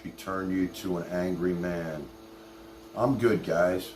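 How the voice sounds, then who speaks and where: A man's voice: deep voice, fairly even intonation, takes it slowly, darkish tone, echoey room, a little hiss or hum. A man hosting a casual livestream, talking animatedly straight to his chat. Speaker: livestream host.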